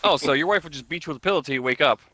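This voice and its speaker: Man guesting on a stream, teasing and jokey, bright, forward voice, dry sound. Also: fairly high pitch, rapid-fire, no echo. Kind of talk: casual chat.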